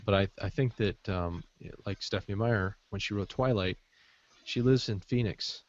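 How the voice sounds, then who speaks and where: A man's voice: fairly low pitch, dry recording. A man co-hosting a casual podcast chat, rambling with frequent fillers, heard over muffled call audio. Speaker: podcast co-host.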